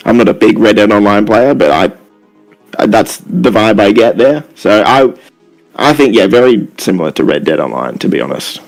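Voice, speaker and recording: A man on an online group call, rambling and thinking out loud as a guest panelist. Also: fairly low pitch, expressive, normal speed, gravelly, soft background music, low-quality recording. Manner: rambling, leans on "like" while thinking aloud. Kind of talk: casual online group chat. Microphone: online call microphone.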